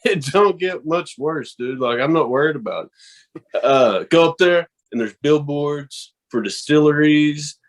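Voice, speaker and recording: A man's voice: fairly high pitch, a little slow. A man from the American South, a podcast guest telling stories in casual, profane chat and acting out other people's voices. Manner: animated, profane, acts out quoted voices.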